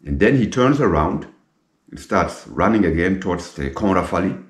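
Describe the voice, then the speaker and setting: A middle-aged man, a native German speaker, telling his own story slowly and emphatically in English, repeating himself and dropping in French military terms. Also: deep voice, animated. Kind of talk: personal storytelling monologue. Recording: echoey room with faint guitar music.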